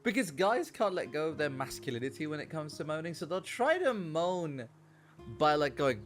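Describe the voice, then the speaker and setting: A young man, chatting casually on a gaming stream, telling animated stories, swearing and laughing. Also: on the high side, brisk. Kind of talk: casual chat while gaming. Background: faint background music.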